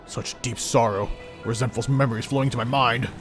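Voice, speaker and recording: A man voicing a vengeful male spirit in a horror game, speaking slowly and low with menace. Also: fairly even intonation, over music, natural voice. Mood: menacing. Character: vengeful murderous spirit, male, full of resentment.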